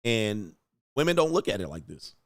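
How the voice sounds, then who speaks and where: A man's voice: lowish voice, very animated, moderate pace, no room sound, studio quality. A man hosting a reaction commentary show, talking in a blunt, crude and mocking way with lots of slang. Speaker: commentary host.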